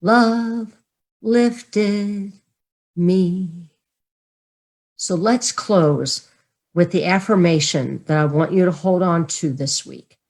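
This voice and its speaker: A woman minister delivering a sermon, earnestly leading her congregation in affirmations. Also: low voice. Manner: warm, earnest preaching, leads congregation in affirmations.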